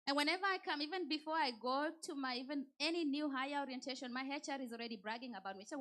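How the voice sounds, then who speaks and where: Woman, fairly high voice, straightforward and lively, motivational church talk, personal stories. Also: fast talker, few pauses. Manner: direct and animated, telling personal stories. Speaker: women's day speaker.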